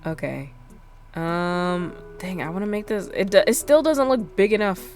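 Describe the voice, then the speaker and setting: Woman, low voice, game streamer, casual rambling chat, filler-heavy, soft music underneath. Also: normal speed.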